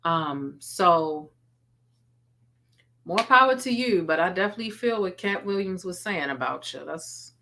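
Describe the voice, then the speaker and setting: A woman's voice: fairly low pitch, expressive, unhurried, sharp tone, slight background noise. A woman hosting a casual live stream, chatting and thanking viewers by name, laughing and teasing often. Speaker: YouTube livestream host.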